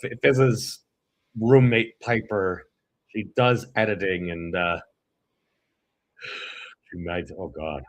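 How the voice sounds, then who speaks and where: Rambling man with a gravelly voice. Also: lowish voice. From New England. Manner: rambling, self-interrupting, many restarts. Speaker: podcast co-host. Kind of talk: casual commentary while reading an article.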